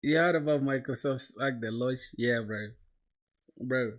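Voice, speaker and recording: A man's voice: medium pitch, measured pace, lo-fi sound. A young man livestreaming while he codes, chatting loosely with viewers in slang. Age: young adult. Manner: loose, slangy, talks to chat, says bro a lot. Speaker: coding livestreamer. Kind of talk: casual livestream chat while coding.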